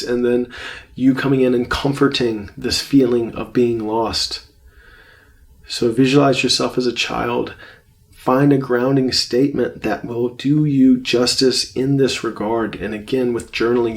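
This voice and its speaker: A man teaching a self-help course lesson on anxiety, speaking in a gentle, reflective way and often repeating phrases for emphasis. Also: medium pitch. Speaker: course instructor.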